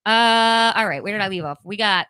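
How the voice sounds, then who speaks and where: A woman's voice: mid-range voice, fairly quick, bright, forceful tone, smooth. A woman in her thirties chatting on a podcast, telling anecdotes and laughing often. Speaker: podcast guest, host's younger sister. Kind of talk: casual podcast chat.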